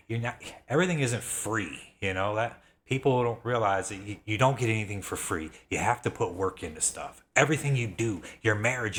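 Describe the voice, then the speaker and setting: Brief: man, 30s, low voice, eager affiliate marketer mid-rant, repeats himself. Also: fairly bright tone. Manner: enthusiastic, repetitive, worked up. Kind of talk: excited sales pitch, self-described rant.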